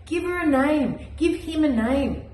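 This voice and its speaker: A woman's voice: high voice, lively intonation, measured pace, a little mellow, roomy sound, a little hiss or hum, low-quality recording. A woman, a mindset coach, giving an earnest, encouraging motivational message.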